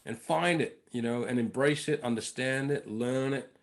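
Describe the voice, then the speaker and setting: A man with a London accent, a comedian guest on a podcast, rambling through stories in a lively way. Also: medium pitch, moderate pace. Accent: English, London. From England. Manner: animated, rambling storyteller. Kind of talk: podcast conversation.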